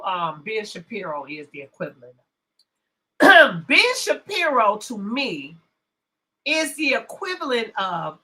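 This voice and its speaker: A brash woman rants to her livestream chat. Her high, bright voice leaps and dips with lively swings, and she drawls along at an unhurried pace. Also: husky. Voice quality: brash, profane, swings from loud to hushed asides. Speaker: livestream host. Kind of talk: casual livestream rant.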